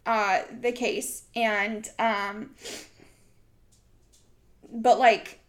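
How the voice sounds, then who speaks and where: A woman's voice: a little high, steady tone, drawn-out words. A young adult woman hosting a podcast, telling a story in a casual, rambling way with many "like"s and "um"s. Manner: rambling, full of "like" and "um". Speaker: podcast host.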